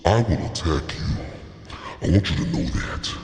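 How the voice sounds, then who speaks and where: A menacing male monster assassin growls slow threats, as a man puts on the voice. The voice sits low, with a long echoing reverb trailing behind it. It sounds more like a horror-movie villain than a person. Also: darkish tone. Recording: echoey reverberant effect.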